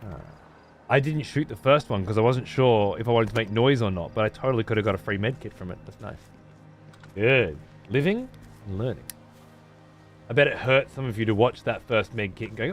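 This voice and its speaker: A man's voice: on the low side, a little fast, soft background music. A man giving casual gameplay commentary as a streamer, profane and sarcastic.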